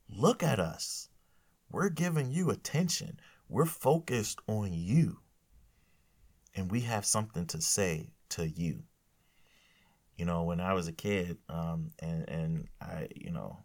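A man giving a conversational sermon, rambling at times and acting out little quoted exchanges. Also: deep voice. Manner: casual, rambling, self-correcting, acts out quotes. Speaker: preacher.

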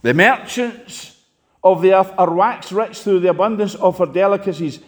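A man preaching a sermon, impassioned, swinging sharply between loud and quiet. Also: moderate pace. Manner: impassioned, rises and drops sharply in pitch and volume. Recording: long hall reverb.

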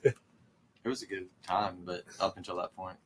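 A man's voice: low voice, fairly even intonation, measured pace, slight background noise. A man co-hosting a casual beer-tasting chat, easygoing and joking, swearing casually. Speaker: podcast co-host.

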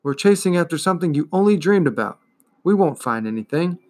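A man voicing a weary, despairing little male horse, speaking softly and low in a storybook reading. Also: animated, fairly quick.

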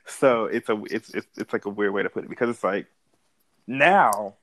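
A man's voice: lowish voice, unhurried, fairly bright tone, dry recording, poor audio. A man in his thirties, a little drunk, talking casually with many restarts and laughs. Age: 30s. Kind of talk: casual chat.

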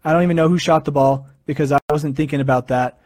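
A young man talking casually about basketball, telling stories in an excited, animated way. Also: a little high, dry recording. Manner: excited, animated storytelling with quick asides. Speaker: sports fan sharing opinions. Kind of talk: casual monologue.

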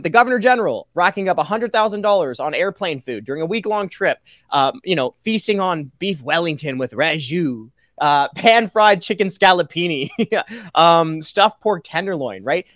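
A man's voice: fairly high pitch, animated, normal speed, a bit bright, dry recording, studio quality. A man from Canada, a guest on a podcast, talking energetically and sarcastically as he rattles off examples. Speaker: guest, taxpayer advocate. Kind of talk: animated podcast interview.

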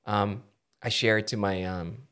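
A man's voice: fairly low pitch, unhurried, smooth. A young man co-hosting a podcast, chatting casually, laughing often and rambling. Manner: animated, laughing, rambling with restarts. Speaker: podcast co-host. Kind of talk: casual chat.

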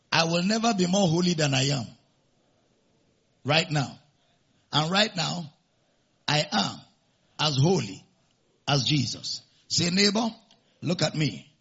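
A man's voice: fairly high pitch, a bit bright, breathy edge, highs cut off. A man preaching a sermon and leading the congregation in call-and-response declarations. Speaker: pastor.

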